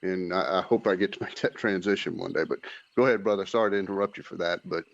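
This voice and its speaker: Man, podcast guest, lower voice, intense and searching, dry lo-fi sound. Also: steady tone, quick pace, gravelly. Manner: intense, searching, self-doubting. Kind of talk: casual chat. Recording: dry, dull lo-fi line.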